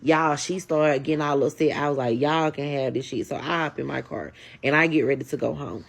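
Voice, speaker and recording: A woman tells a casual storytime. She is animated and keeps addressing her viewers directly. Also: deep voice, fairly quick, gravelly, husky.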